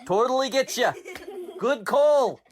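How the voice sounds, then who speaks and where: A man's voice: extremely high pitch, animated, takes it slowly, crowd noise, voice pushed up, exaggerated voice. A man voicing a tiny, fierce male warrior bug with a Scottish accent who bellows his own name as a battle cry. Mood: cheerful.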